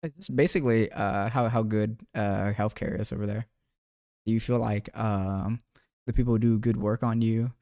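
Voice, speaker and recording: A man's voice: fairly low pitch, fairly even intonation, moderate pace, dark tone, no echo, studio quality. A young man live streaming, chatting loosely with viewers while gaming, laughing a lot and swearing now and then.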